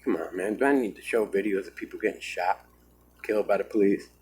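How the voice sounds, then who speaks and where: A vlogger speaks into his own camera in an agitated, emphatic monologue, often throwing in "man." His voice is lowish, darkish and husky, and he talks at a quick pace. The recording is rough.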